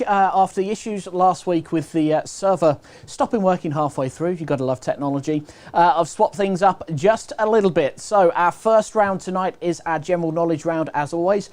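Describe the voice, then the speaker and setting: A man's voice: sits high, darkish tone. A man with a British accent hosting a live online quiz, chatty and upbeat, walking viewers through the rules. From United Kingdom. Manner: chatty, upbeat, repeats instructions. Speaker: quiz host.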